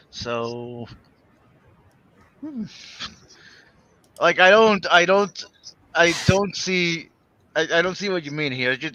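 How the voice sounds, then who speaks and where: A man hosts a livestream with a bright, slightly high voice and a rambling, hesitant way of talking. He often repeats words as he goes. His mic sounds somewhat muffled and lo-fi. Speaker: livestream host. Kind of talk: casual chat.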